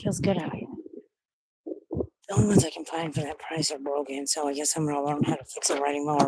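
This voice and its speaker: A woman's voice: deep voice, fast, darkish tone, breathy edge, dry recording, rough recording. A woman in her thirties chatting casually on a livestream, blunt and talkative, swearing freely. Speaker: streamer.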